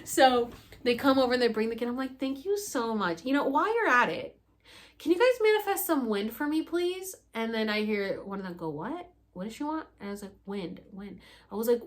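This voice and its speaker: A young woman vlogger telling a story casually and animatedly, acting out her own pleas in high, loud bursts and swearing freely. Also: animated, a little fast.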